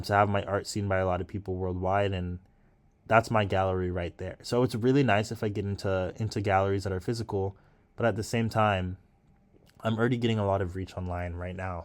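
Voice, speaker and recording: A man with a somewhat low voice talks through his thoughts while painting. His tone is casual and reflective, and he keeps encouraging himself as he goes. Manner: thoughtful, self-encouraging musing. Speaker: artist and vlogger.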